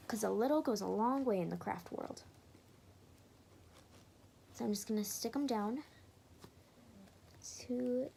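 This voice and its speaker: A woman with a slightly high voice walks through a craft project in a casual tutorial. Her tone is soft and mellow. She rambles a little and corrects herself as she narrates each step. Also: gravelly, a little hiss or hum.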